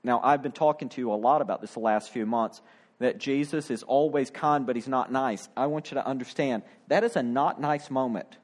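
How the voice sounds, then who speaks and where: A man's voice: medium pitch, a little fast. A middle-aged male pastor preaching a sermon, acting out the quoted voices with drama.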